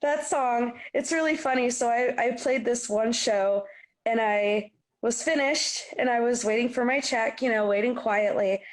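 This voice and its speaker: Animated young woman singer telling stories. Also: a little high, a little slow. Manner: animated storyteller, acts out quotes. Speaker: singer-songwriter guest. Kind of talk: casual interview chat.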